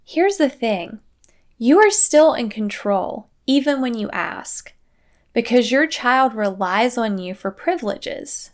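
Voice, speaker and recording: A woman hosting a parenting podcast, giving calm, matter-of-fact advice in a scripted solo talk. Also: fairly high pitch, slow pace.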